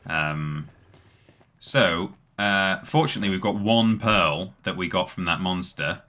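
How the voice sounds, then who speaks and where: A man's voice: deep voice, animated, a little slow, pushed and bright. A man hosting a livestream, giving casual commentary on the game he is playing with chatty, self-amused asides. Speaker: streamer host.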